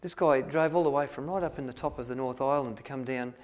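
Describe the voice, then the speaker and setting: A man tells a story to an audience. He rambles, restarts his sentences often and fills pauses with ums. He acts out the lines he quotes. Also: mid-range voice. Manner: rambling, with many restarts and fillers, acting out quotes. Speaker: speaker at a health retreat.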